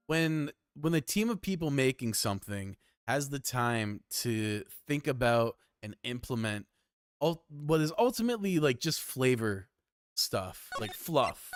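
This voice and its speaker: A young Canadian man giving casual, profane commentary over a video game, laughing often and rambling. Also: a little high. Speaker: let's play host. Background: game music.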